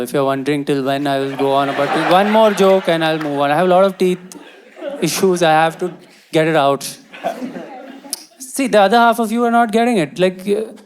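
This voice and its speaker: A man doing a stand-up comedy set, with exasperated, incredulous rants and sudden loud outbursts. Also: on the high side. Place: comedy venue, on stage before an audience. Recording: live show with crowd laughter and noise.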